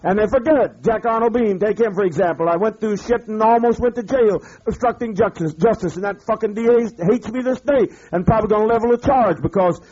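Husky, profane ranting preacher on old tape. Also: male voice, high voice, fairly quick, hardly any pauses, muffled recording. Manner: profane, berating, swinging between shouting and muttering. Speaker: pastor. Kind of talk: ranting address to his congregation.

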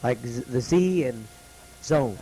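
A man teaching a classroom lesson, slowly repeating each letter's sound for students to copy. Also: mid-range voice, lively intonation, dark tone, slight background noise, rough recording.

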